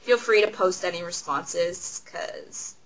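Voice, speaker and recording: A woman's voice: fairly low pitch, slight background noise, rough recording. A young woman who works as a cashier, telling stories about customers in a chatty, rambling way and acting out their lines. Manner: chatty, rambling, acts out customers in quick quoted voices. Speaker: retail cashier. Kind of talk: casual vlog storytelling.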